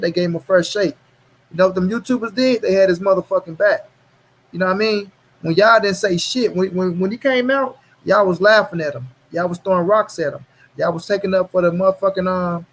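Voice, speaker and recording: A man with a raised, slightly husky voice holds forth on his own channel. He talks right at his audience in street slang, swearing and repeating himself for emphasis. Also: high voice, low-quality recording. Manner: profane, emphatic, repeats lines for stress; addresses viewers directly, street slang. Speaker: boxing commentary channel host. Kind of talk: casual ranting commentary.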